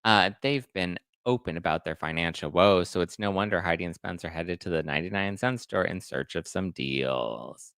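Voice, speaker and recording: A man's voice: sits low, normal speed, creaky, a bit bright, smooth, no room sound, clean studio sound. A man hosting celebrity gossip commentary, chatting to viewers in a gossipy way while he reacts to photos. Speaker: host.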